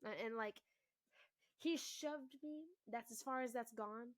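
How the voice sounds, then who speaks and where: A woman's voice: a little high, measured pace, dry recording. Blunt, swearing young woman ranting. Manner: swears heavily, loud emphatic bursts, frequent asides. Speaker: mother and vlogger. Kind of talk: blunt, profane relationship rant to camera.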